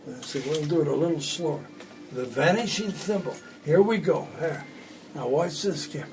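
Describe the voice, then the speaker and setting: In a low-quality recording with loud music behind him, a man in his eighties speaks at a normal speed in a fairly high voice. He's a magician chatting casually at home, showing tricks and telling rambling jokes between them.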